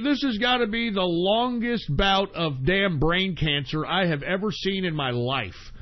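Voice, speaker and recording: Man, talk radio host, high voice, profane ranting, shouting bursts, dull lo-fi recording. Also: animated, measured pace, hardly any pauses, a little hiss or hum. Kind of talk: casual call-in talk radio.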